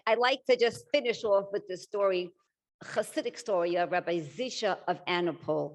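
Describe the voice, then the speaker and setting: A woman judge giving an inspirational speech from a podium, telling stories in an emphatic, animated way. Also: medium pitch. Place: symposium stage at a podium.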